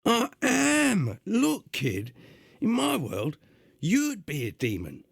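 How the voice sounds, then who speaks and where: Brief: male reader doing a gruff London-accented demon, high and gravelly, impatient. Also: huge pitch swings, takes it slowly, dry recording, clean studio sound, heavily acted. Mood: exasperated. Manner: gruff, exasperated.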